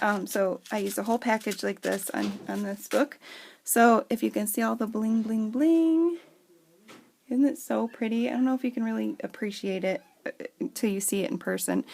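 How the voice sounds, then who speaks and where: In this laid-back show-and-tell vlog, a craft seller at home gushes about her handmade journals, talking to viewers as "you guys." Her voice is fairly high with vocal fry and a somewhat dark tone.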